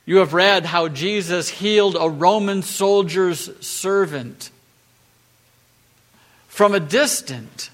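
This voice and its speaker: A man's voice: high voice, takes it slowly, pauses often. A man preaching a sermon from the pulpit, emphatic and building to rising, rhetorical lines. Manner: emphatic, rhetorical questions, rising on key phrases. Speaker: pastor. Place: church.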